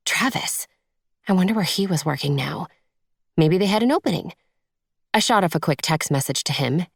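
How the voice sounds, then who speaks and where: A woman reads a first-person romance audiobook in a measured, intimate manner. Her voice is low and has a gravelly fry in it. The recording is close and dry. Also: no echo. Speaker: audiobook narrator.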